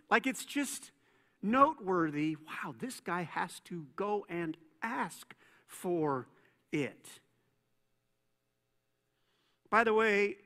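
A man preaching a sermon as a pastor, conversational and playful, telling stories with quick asides. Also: high-pitched, sharp tone. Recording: long reverb in a church hall.

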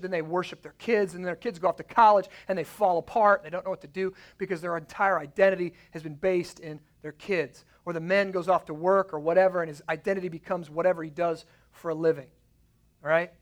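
A man preaching a sermon, swinging between loud emphatic peaks and low, quiet asides. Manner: emphatic preaching, rising loud on key points and dropping low. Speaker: pastor.

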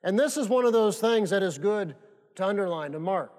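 A man preaching a sermon as pastor, with a measured, repetitive and emphatic delivery full of long pauses. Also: sits high, expressive, a little mellow. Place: church sanctuary. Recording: reverberant church hall.

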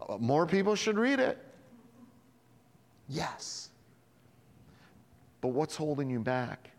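A man's voice: a little high, slow. A man preaching a sermon as pastor, telling stories and acting out the voices of people in them. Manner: animated storytelling, acting out voices in quotes. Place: church hall. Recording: long hall reverb.

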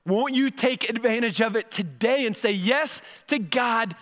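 A male pastor with a high, light voice delivers his sermon in a church sanctuary. His speech is conversational, and he doubles back on words as he builds toward a point. The sound carries a long reverb from the hall. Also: a little slow, fairly bright tone.

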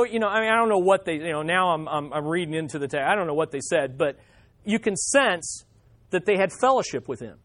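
A man's voice: high-pitched, expressive, fairly quick, a bit bright. A male preacher giving a conversational Bible teaching, often putting questions to his listeners.

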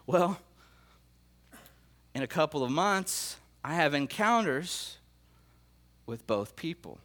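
A man's voice: a little high, expressive, takes it slowly, fairly bright tone. A middle-aged man, a pastor, telling his dreams in a sermon, earnest and emotional, often repeating and restarting his phrases. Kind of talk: sermon sharing prophetic dreams.

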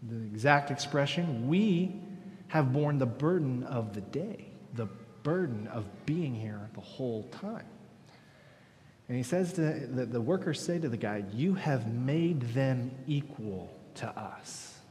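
A man's voice: medium pitch, unhurried, slight background noise. Man preaching in a reverberant hall. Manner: animated, acting out voices of workers in the story. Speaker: pastor. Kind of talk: sermon.

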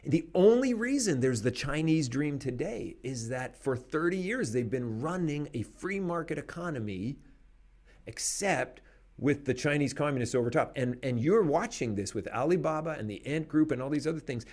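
A man hosting a podcast, speaking in an animated, emphatic way and laughing between points. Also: fairly high pitch, moderate pace. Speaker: podcast host. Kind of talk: conversational commentary.

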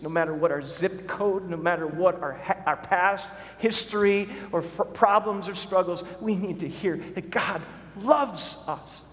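A middle-aged man preaches a sermon in a church sanctuary, and his voice sits high for a man. He speaks earnestly and often doubles words as he starts sentences. A long hall reverb trails each phrase. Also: fairly bright tone. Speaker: pastor.

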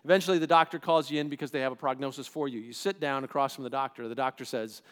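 A man's voice: mid-range voice, steady tone, fast talker, fairly bright tone. A middle-aged man preaching a sermon in a conversational way, acting out the voices he quotes. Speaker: pastor.

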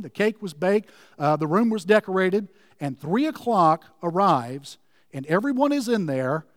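A man's voice: fairly high pitch, no room sound, in a large hall. Man, preacher, sermon, earnest storytelling, close dry voice. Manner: earnest storytelling, drops to a hush for emotional moments.

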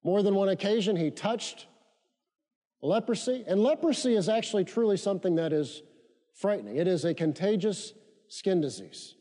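A male pastor delivers a sermon in a high yet mellow voice, hammering key phrases through repetition and calling on the congregation to repeat after him. His voice carries a long reverb, as if recorded in a large church hall. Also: lively intonation, normal speed. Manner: emphatic repetition, leads congregation in call-and-response.

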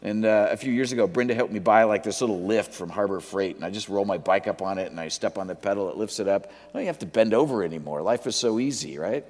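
A man's voice: on the low side, fast, hardly any pauses, a little mellow. Middle-aged male pastor in a reverberant hall. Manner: casual, joking, wanders off topic. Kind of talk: sermon.

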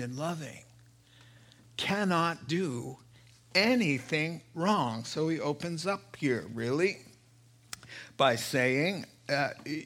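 A man preaching a sermon, building to emphatic, impassioned peaks and dropping to hushed asides. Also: on the high side. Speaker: pastor.

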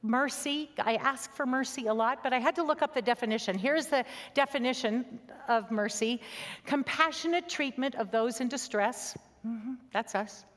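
A woman preaches in an earnest, conversational way, her voice sitting a little high. She sometimes sinks to a soft near-whisper. A long reverb trails her words around a large hall. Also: normal speed. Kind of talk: sermon with personal story.

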